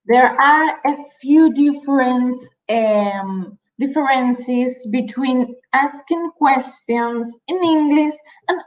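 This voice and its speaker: A woman teaching a language lesson, repeating each word slowly and carefully for learners. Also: sits high, echoey room, muffled recording. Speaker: Spanish teacher.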